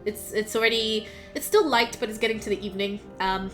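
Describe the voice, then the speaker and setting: A woman's voice: mid-range voice, fairly even intonation, fairly quick, fairly bright tone, soft background music. A woman narrating a tabletop game as game master, rambling with many ums and restarts.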